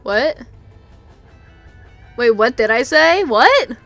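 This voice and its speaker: Excitable woman streamer, bright voice pitched a bit high, reads game text aloud with faint music behind. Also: drawn-out words, no room sound. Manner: excitable, bursts into high squeals and laughter.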